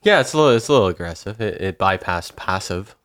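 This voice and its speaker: A man's voice: deep voice, expressive, quick pace, fairly bright tone, clean tone, no echo, studio quality. A man co-hosting a podcast, reacting with short agreements and wry, jokey remarks. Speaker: podcast co-host. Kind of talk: casual chat.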